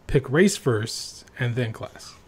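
A man trading jokes and playful teasing as a podcast co-host. His voice sits at an ordinary middle pitch and his talk is casual and loose. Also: expressive, slow pace, darkish tone, husky. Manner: joking, teasing banter. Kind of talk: casual chat about tabletop games.

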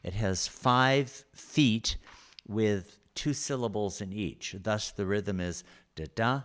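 A man giving a recorded lecture over slides, explaining at an unhurried pace with frequent pauses. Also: on the low side, a bit bright.

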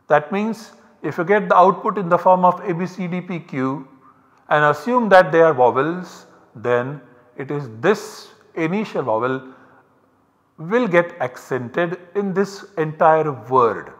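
A man giving a university lecture, explaining step by step in a slow, methodical way. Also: a little high, big-room sound.

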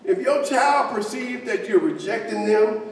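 A man preaches slowly in a high voice, loose and conversational, breaking off to joke with his congregation. The mic sits far back in a big, echoing church hall with a long reverb tail. A faint hiss runs underneath. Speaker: pastor. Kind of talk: sermon.

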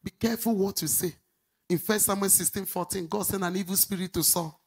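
A middle-aged woman pastor preaching a sermon, swinging from loud outbursts to quiet asides. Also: brisk, slightly rough. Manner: animated preaching, swinging between shouts and low asides.

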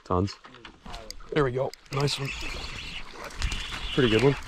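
A young man vlogging from a fishing boat outdoors, excited and slangy, laughing often as he talks. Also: medium pitch, slow pace, noisy background. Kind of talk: excited outdoor vlog chat. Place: boat on open water outdoors.

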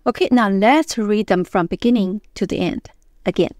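A woman teaching Mandarin pronunciation, explaining in short phrases and slowly repeating the example words. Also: mid-range voice, darkish tone, dry recording, clean studio sound. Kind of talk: pronunciation lesson.

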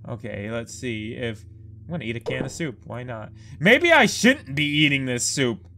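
Young guy ranting through a horror game, lively voice, slow talker, quiet music behind. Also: medium pitch, vocal fry. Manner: ranting, swearing, jokey, animated. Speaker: gaming youtuber. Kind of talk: let's play commentary.

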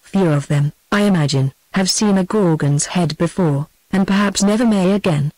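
A woman's voice: lowish voice, normal speed, a little mellow, no room sound, poor audio. A synthetic British English woman's voice reading the lines of an earnest young male hero in formal, courtly speech. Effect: synthetic text-to-speech voice.

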